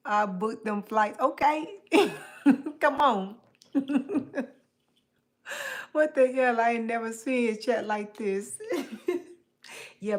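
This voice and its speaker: A woman hosting her own livestream, chatting casually with viewers in loose colloquial speech, teasing people by name and repeating phrases for emphasis. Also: mid-range voice. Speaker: livestream host.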